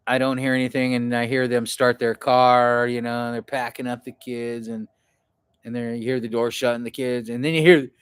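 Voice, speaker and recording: A man talks straight to the camera about a trip, rambling and swearing as he goes. He acts out the shouting of people he heard. His voice is clear and resonant, sits in a middle pitch range, and sounds dry and close to the mic. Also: no room sound. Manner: rambling and profane, acts out what others shouted. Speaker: outdoor adventure vlogger. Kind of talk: casual storytelling to camera.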